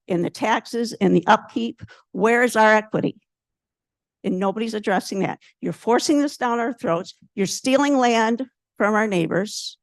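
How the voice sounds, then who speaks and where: A woman gives a heated public comment at a city board meeting, blunt and insistent as she drives each point home again. Her voice sits at an ordinary middle pitch and sounds dry and close, with little room sound at the podium microphone. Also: no echo.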